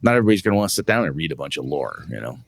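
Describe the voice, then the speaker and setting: He talks rapid-fire with some vocal fry, on a recording free of echo. As game master and co-host of a tabletop gaming podcast, he chats casually and animatedly impersonates his players, his pitch climbing on the quotes.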